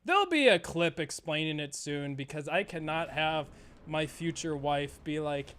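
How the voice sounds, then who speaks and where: A man's voice: fairly high pitch, animated, moderate pace, a bit bright, slight background noise. A young man streaming a game, chatting in a rambling, profane way and laughing often. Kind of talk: casual gameplay chat.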